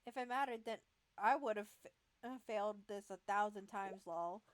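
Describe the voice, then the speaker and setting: Reading a text adventure for a gaming video, a woman keeps up lighthearted, talkative commentary, voicing "lol" and now and then fumbling her words. Her voice is mid-range and her pace moderate. The recording is dry.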